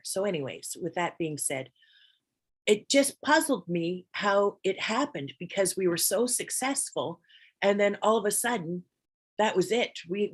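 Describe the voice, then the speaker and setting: A middle-aged woman with a somewhat low voice joins the show as a caller on a video call. She recounts her story hesitantly, pausing often and filling the gaps with ums. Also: breathy edge. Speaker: caller asking a question. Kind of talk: hesitant personal account.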